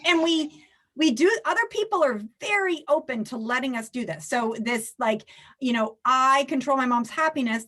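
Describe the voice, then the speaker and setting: A woman, a life coach, talking animatedly as a guest in a podcast interview. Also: high-pitched. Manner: animated, acts out little quoted scenes.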